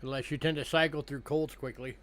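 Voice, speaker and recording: A man's voice: mid-range voice, brisk. A man hosting a coin sale livestream, talking casually to viewers while waiting for people to join. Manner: relaxed, chatty, yawning between remarks.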